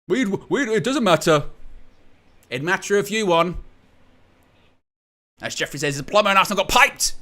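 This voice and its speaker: Guy hosting a live match watchalong, gloating and teasing nonstop, high bright voice. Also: sing-song, normal speed, long pauses. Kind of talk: live stream commentary.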